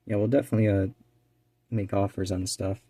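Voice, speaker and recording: Working on a small craft project, a man rambles casually and fills his talk with fillers, going nearly to a whisper when focusing. His voice is on the low side and fairly quick, recorded dry; he's an eBay reseller and channel co-host.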